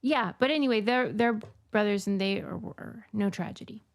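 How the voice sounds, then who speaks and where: A woman's voice: medium pitch, normal speed. A woman co-hosting a podcast, talking candidly and reflectively in casual chat, swearing now and then. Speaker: podcast co-host.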